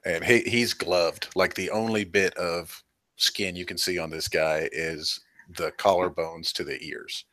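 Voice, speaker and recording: A man's voice: low-pitched, fairly even intonation, a little slow, sharp tone, dry recording. A man narrating a tabletop game as game master, in a loose, hedging way.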